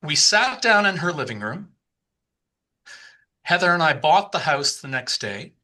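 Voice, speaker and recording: A man's voice: a little high, sing-song, measured pace, bright, forceful tone. A man in his sixties, a podcast guest telling a long personal story, often repeating words and restarting his sentences. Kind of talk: storytelling in conversation.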